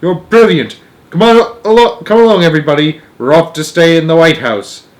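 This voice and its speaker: A man's voice: fairly high pitch, fairly quick, voice pushed up, close to an everyday voice. A man voicing an eccentric grown male chocolate maker who hurries everyone along in an upbeat, bossy way. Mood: brisk.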